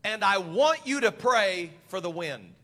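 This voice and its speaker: A preacher doing a stubborn worried ship captain. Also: male voice, high voice, animated, unhurried, sharp tone, full character voice. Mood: protesting. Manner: worried, protesting. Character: anxious male ship captain, proud and stubborn.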